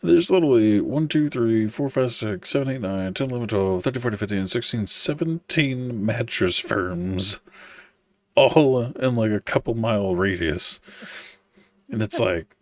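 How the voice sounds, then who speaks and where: A man's voice: lowish voice, lively intonation, a little slow. A man co-hosting a casual talk stream, laid-back, swearing often and laughing a lot. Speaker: co-host. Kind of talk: casual chat.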